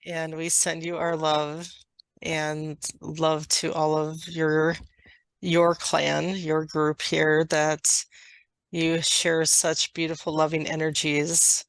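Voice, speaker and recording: A woman in trance channeling a gentle, loving dragon spirit, speaking slowly and softly in solemn blessings. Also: deep voice, monotone, clean tone, no echo, voice pushed down. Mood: tender. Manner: slow, soft, solemn blessing.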